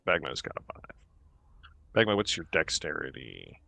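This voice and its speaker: A man running a tabletop game as dungeon master, describing scenes slowly with many pauses. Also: a bass voice, big pitch swings, creaky, bright, forceful tone, no echo.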